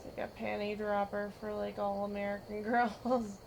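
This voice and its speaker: A woman streaming a game, chatting casually, giggling and teasing, breaking into loud mimicking bursts. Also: mid-range voice, flat delivery, normal speed, vocal fry, slight background noise.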